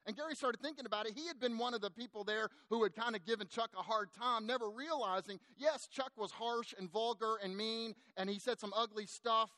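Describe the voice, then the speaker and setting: A man preaching, telling a long story to make his point, animated at times and hushed in the sad parts. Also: sits high, brisk, few pauses, no echo. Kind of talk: sermon storytelling.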